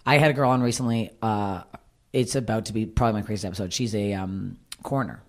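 A woman comedian talking bluntly and swearing freely in a candid conversation, with a low voice. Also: quick pace. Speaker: comedian and podcast guest.

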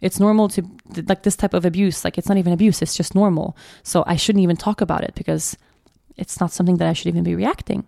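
A young woman with a low, gravelly voice tells a personal story on her podcast. She talks haltingly, often restarting and repeating words. The sound is dry and close. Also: steady tone, dark tone, no echo. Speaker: podcast host.

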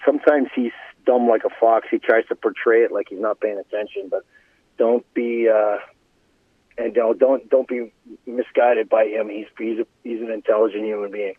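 A middle-aged former hockey player swaps stories with lively, laughing energy and plenty of restarts. His voice is husky and sits a little low. It comes through a dry, tinny phone line. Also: normal speed, no echo. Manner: animated anecdotes, laughing, restarts. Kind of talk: casual storytelling.

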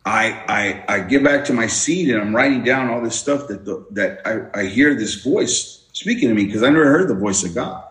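A man's voice: medium pitch, animated, moderate pace, few pauses, fairly bright tone. A man giving his testimony as an interview guest, telling his story with many restarts and acting out the voices he quotes. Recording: roomy echo.

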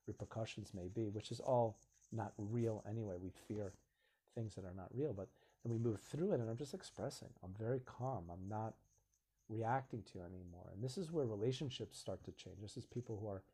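A man hosting a live stream talks in an earnest, reflective way. His voice is mellow and a little husky. He slips into short acted-out exchanges as he explains. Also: on the low side, brisk. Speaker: host of a live video stream. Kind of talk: casual live-stream talk.

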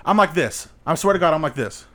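A young man with a slightly high voice tells crude stories in loose, casual chat. He laughs often and slips into voices for the people in his tales. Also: animated, fairly quick, background noise. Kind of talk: casual storytelling.

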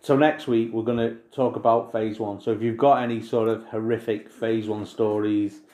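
A man co-hosting a casual veterans' podcast, swearing freely while he tells animated stories from basic training. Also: on the low side, moderate pace. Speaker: podcast co-host. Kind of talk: casual chat. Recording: roomy echo.

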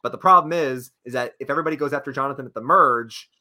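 A man co-hosting a reality-TV recap podcast, talking in a rambling, animated way with lots of fillers and restarts. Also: medium pitch, rapid-fire. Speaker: podcast co-host. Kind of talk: casual chat.

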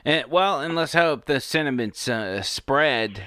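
Bright, emphatic male talk host. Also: mid-range voice, lively intonation, clear, resonant tone, no echo, studio quality. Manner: emphatic, with halting restarts. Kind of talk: casual political talk.

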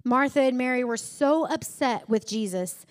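A woman's voice: high voice, moderate pace. A woman preaching a sermon, retelling scripture stories and building to emphatic peaks.

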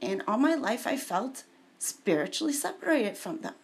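A woman's voice: fairly high pitch, big pitch swings, normal speed. A woman talking about her faith in an emotional, personal monologue, often dropping into tearful whispers.

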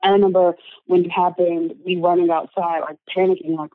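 A woman's voice: lowish voice, flat delivery, fairly quick, no room sound. Earnest woman on a tinny line. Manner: earnest, frequent filler words. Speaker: interview guest. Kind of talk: personal story told in conversation. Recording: narrow phone-like sound, dry.

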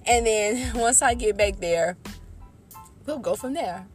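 A young woman with a high, bright voice tells a story from her car, excited and exasperated, laughing through her words. She speaks casually to her listeners, with faint music in the background. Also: slow pace. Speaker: podcast host. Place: in her car, parked and driving. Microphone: phone.

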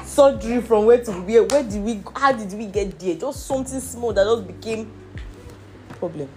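A woman's voice: medium pitch, normal speed, warm tone, faint music behind. Earnest woman preaching. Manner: earnest, repeats "do you understand". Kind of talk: teaching sermon.

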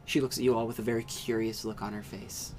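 A man running a tabletop game, narrating a scene in a relaxed, descriptive way and sometimes restarting his sentences. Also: lowish voice, fast talker, slight background noise. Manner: relaxed, descriptive, self-correcting. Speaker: game master.

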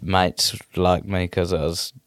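A middle-aged man with a New Zealand accent, a comedian chatting in an interview in a rambling, animated way with many restarts. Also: low voice, takes it slowly, no echo, clean studio sound. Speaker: comedian, guest. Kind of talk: casual interview chat.

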